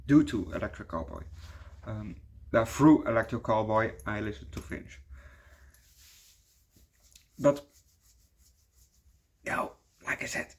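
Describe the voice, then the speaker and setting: Young Dutch-accented man, casual rambling movie reviewer, swears freely, medium pitch. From Netherlands. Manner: rambling, swears a lot, says "yo" often.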